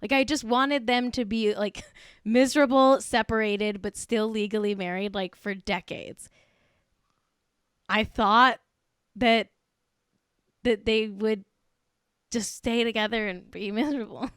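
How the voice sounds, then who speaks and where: A woman's voice: a little high, steady tone, a little slow, long pauses, fairly bright tone, smooth, dry recording, studio quality. A tipsy woman hosting a celebrity gossip podcast, talking in a giggly, profane, gleefully catty way. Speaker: podcast host. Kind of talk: casual celebrity gossip chat.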